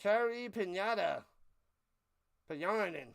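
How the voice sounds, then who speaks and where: A young man with a high, smooth and clear voice calls a live football game on his stream. He jokes around, plugs a friend's channel and laughs as he fumbles a player's name. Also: a little slow. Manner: jokey, animated, stumbles over names. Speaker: play-by-play streamer and host. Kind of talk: live play-by-play commentary.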